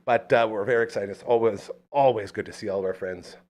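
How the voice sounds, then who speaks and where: A man's voice: fairly low pitch, fast, a little mellow. Chatty male podcast host. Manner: chatty storytelling, playful with sponsor reads. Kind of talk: casual chat.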